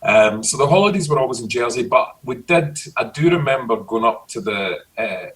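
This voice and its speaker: A middle-aged Scottish man chatting casually, telling lively stories about his childhood. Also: mid-range voice, normal speed, far from the mic, rough recording. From Scotland. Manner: storytelling, animated. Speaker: guest. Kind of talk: casual chat.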